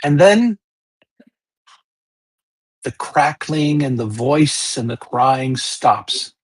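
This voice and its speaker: Slow husky game master narrating. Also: mid-range voice, lively intonation. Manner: slow, measured scene-setting with check-in questions.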